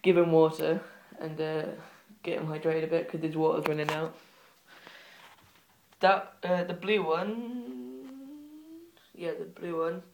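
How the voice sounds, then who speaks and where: A teenager vlogging at home, rambling in halting, filler-heavy chat and breaking off to give a dog short commands. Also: mid-range voice, steady tone, gravelly, darkish tone, a little hiss or hum. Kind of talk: casual home vlog.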